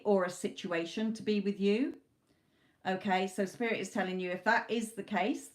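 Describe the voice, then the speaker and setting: A woman doing a live tarot reading, talking in a loose, conversational way with frequent restarts. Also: medium pitch. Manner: talks in loose spoken chunks, restarts often. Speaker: tarot reader.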